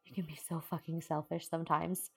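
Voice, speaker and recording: A woman's voice: deep voice, level tone, gravelly, husky, full character voice. A woman voicing a bubbly young woman hero who teases playfully and flares into fury. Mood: furious. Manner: bright and playful, quick to fury.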